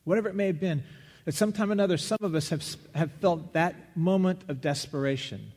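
Earnest preacher in a big echoing hall. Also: male voice, fairly high pitch, darkish tone. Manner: earnest, searching, with restarts and pauses. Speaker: pastor. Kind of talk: sermon. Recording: long reverb of a large hall.

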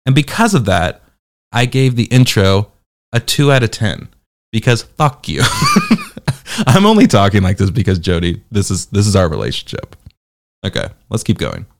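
Brief: male podcast reviewer, low-ish voice swinging wildly up and down, sarcastic and teasing. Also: huge pitch swings, moderate pace. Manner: sarcastic, teasing, jumpy delivery. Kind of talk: casual podcast review chat.

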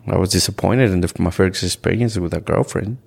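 Deep gravelly man. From Ecuador. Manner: earnest, halting, with repeated restarts and "like". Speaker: podcast guest. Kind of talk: candid storytelling in conversation.

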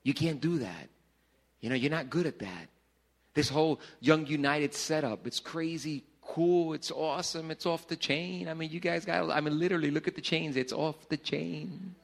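A middle-aged man preaching a casual youth sermon in a church hall, joking and swinging between loud bursts and hushed lines. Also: on the high side, normal speed, vocal fry. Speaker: pastor.

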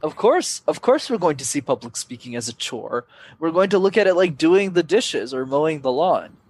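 A young man, a public speaking coach, giving energetic, emphatic advice as a podcast guest. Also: on the high side, moderate pace, breathy edge.

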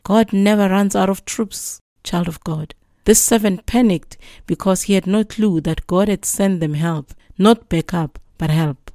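A woman's voice: mid-range voice, unhurried, warm tone, dry recording, studio quality. A woman reading a Bible passage and preaching on it in an earnest, exhorting manner. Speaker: Bible teacher.

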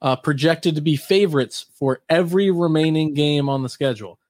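A man in casual sports chat, joking in a wry, relaxed way. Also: a little high, fairly quick, no echo, studio quality.

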